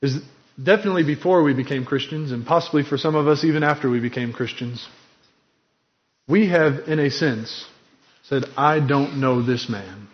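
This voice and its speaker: A man's voice: fairly high pitch, normal speed, muffled recording. A man preaching a sermon in an earnest, emphatic way, acting out quoted lines with drama. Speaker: pastor.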